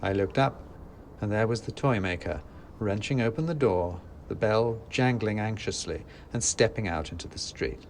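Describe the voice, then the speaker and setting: A low-voiced man tells a scripted story in first person with dry, wry humor. His delivery rises and falls animatedly. Faint noise hums underneath. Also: moderate pace. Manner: dry and wry, with lively acted quotes.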